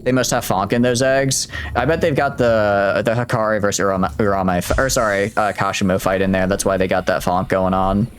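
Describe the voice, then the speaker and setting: A man with a lowish, fairly even voice talks a little fast, barely pausing, over a faint hiss or hum. He's streaming a game and chatting casually, rambling along and cutting himself off mid-thought.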